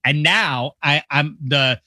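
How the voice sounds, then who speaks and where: Man, middle-aged, from the Midwest, sports radio guest on a video call, rambling, self-deprecating, very bright, dry sound. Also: on the high side, dry recording. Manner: rambling, self-mocking, quick asides. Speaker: guest football analyst. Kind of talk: casual sports radio chat.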